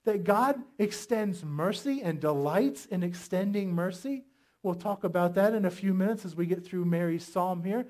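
Preacher giving a sermon, big emphatic delivery, lots of rhetorical questions, mid pitch. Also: normal speed, a little mellow. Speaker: pastor.

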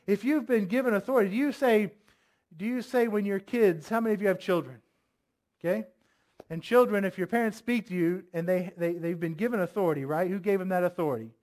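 Male pastor, high voice, preaches conversationally, fires questions at the congregation. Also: a little fast. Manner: asks the congregation many questions; reads scripture aloud, voicing commands forcefully. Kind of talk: sermon.

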